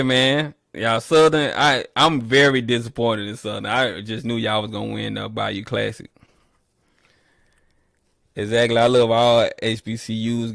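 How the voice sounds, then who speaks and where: A man hosting a casual livestream, reading the chat and trash-talking rival teams playfully, with loud animated bursts. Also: lowish voice, creaky, no room sound, clean studio sound.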